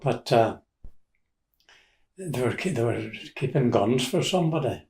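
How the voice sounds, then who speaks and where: A man's voice: medium pitch, animated, a little slow, creaky, darkish tone. An older man with a Donegal accent telling rambling family stories in casual talk, with restarts and chuckles. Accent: Irish, Donegal. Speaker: interviewee. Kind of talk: casual storytelling. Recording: roomy echo.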